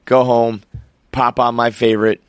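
A man's voice: medium pitch, level tone, normal speed, no room sound, studio quality. A man, young adult, hosting a casual chat and telling a rambling, swearing story. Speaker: podcast host.

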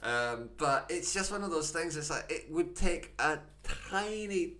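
A man's voice: fairly high pitch, animated, normal speed, bright, forceful tone. A Scottish man co-hosting a casual discussion podcast, critical and thoughtful, often restarting his sentences. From Scotland. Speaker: podcast co-host.

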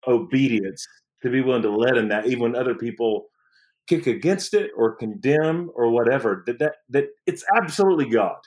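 A man's voice: medium pitch, brisk, darkish tone, low-quality recording. Guy hosting a podcast, thoughtful and affirming, chatting. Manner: reflective, affirming. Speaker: podcast host. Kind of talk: casual conversation.

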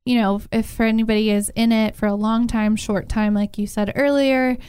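Smooth-voiced woman co-hosting. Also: fairly high pitch, steady tone, a little fast, a little mellow. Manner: supportive, short encouraging replies. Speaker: podcast co-host. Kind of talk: casual interview.

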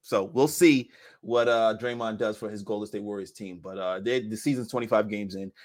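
A man in casual sports podcast chat, animated and laughing, acting out quotes as he talks basketball. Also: lowish voice, fairly quick.

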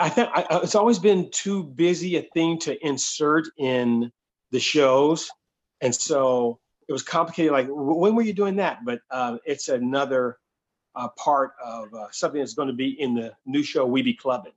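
A man's voice: mid-range voice, steady tone, normal speed, breathy edge, dull audio. A man who is a comedian, telling stories and chatting in a Q&A over a video call. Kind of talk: storytelling and Q&A chat.

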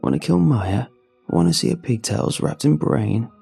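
A man's voice: mid-range voice, lively intonation, normal speed, vocal fry, warm tone, breathy edge, exaggerated voice. A man voicing a young boy possessed by a demon, with a hissing, mocking, sing-song manner. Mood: gloating menace.

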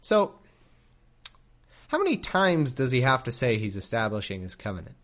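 A man's voice: medium pitch, sing-song, normal speed, fairly bright tone. Joking man reading and riffing. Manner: joking, laughing, rambling with restarts. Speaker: podcast host. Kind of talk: comedic Bible reading and commentary.

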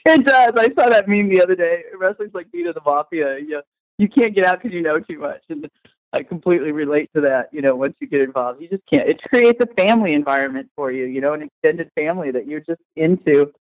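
A woman's voice: low-pitched, lively intonation, fairly quick, no room sound, poor audio. A woman guest in a conversational interview, talking with enthusiasm and at length. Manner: enthusiastic, talkative. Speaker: guest, tour organizer.

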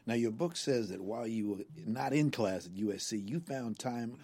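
A man interviewing a guest, asking calm questions and giving brief prompts. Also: medium pitch, normal speed, breathy edge.

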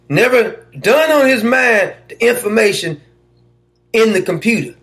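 A man's voice: sits high, expressive, measured pace, a bit bright. A man hosting a talk show, giving mocking, sarcastic political commentary and laughing at his own points.

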